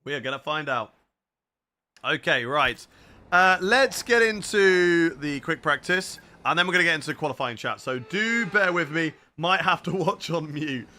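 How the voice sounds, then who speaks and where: A man's voice: on the high side, moderate pace, sharp tone. A young man live-streaming a racing game, chatting casually and answering viewer questions between laps. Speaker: gaming streamer.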